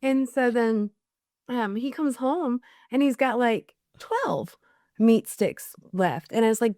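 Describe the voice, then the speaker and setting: A woman's voice: a little high, slow pace, no echo, studio quality. A woman in her forties, a bereaved mother and podcast guest, telling stories in casual chat and acting out the people she quotes. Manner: chatty, animated when quoting others.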